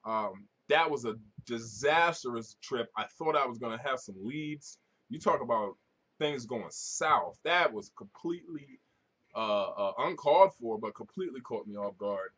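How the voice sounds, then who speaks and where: A man, a record-collecting vlogger, telling stories to camera at home in an animated, profane way with frequent restarts. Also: mid-range voice, measured pace, slightly rough, lo-fi sound. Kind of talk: casual storytelling to camera.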